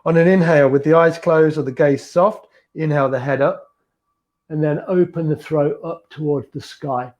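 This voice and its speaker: Gentle man guiding a yoga class. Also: a little high, steady tone, moderate pace. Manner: gentle, encouraging step-by-step cues. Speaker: yoga instructor. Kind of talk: guided beginners yoga class.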